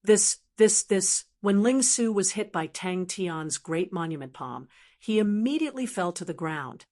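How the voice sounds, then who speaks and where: A woman reading a fantasy novel aloud as an audiobook narrator, in a steady, even storytelling voice. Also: mid-range voice, measured pace.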